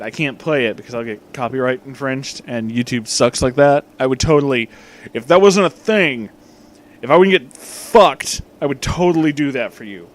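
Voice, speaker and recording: A young man reads a piece of fan fiction aloud for comedy, swearing freely and breaking off again and again to make jokes in an irreverent way. His voice is medium-pitched, with slight background noise.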